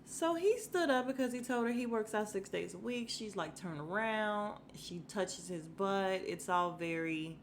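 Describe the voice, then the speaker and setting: A woman's voice: mid-range voice, normal speed, few pauses. Woman, podcast host, casual recap chat, sassy and candid, laughs often, faint background noise.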